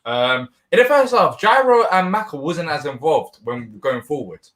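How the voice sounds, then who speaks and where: A man with a lively, swinging pitch hosts a football fan live stream in casual chat. He moves easily between relaxed talk and animated, excitable bursts. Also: normal speed. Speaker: host of fan watch-along.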